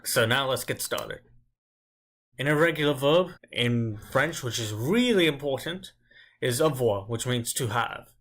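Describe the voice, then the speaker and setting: A man teaching grammar as a language teacher, explaining step by step and slowing down to drill each example word. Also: mid-range voice, animated, fairly bright tone. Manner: slow, deliberate drilling of example words.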